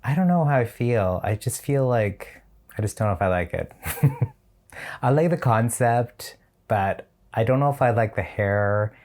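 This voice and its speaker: A man's voice: medium pitch, lively intonation, a little slow, darkish tone. Man, casual reaction review, chatty, opinionated, shady asides, mid-range voice, home mic. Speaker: drag show reviewer.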